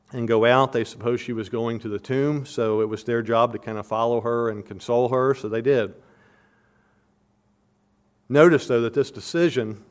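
This preacher's voice is medium in pitch, clear and resonant. He works through an expository sermon earnestly and with emphasis, restating questions to drive them home and explaining verses and verb tenses in a teacherly manner.

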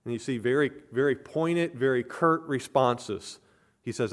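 A man's voice: mid-range voice, unhurried. A man preaching an expository sermon as a pastor, earnest and emphatic, hammering home points with repeated phrases.

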